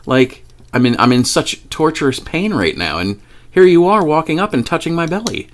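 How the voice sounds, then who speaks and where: A man's voice: a little high, big pitch swings, normal speed, voice pushed up. A man voicing a young woman he met online, earnest and spooked, quoted in a raised voice.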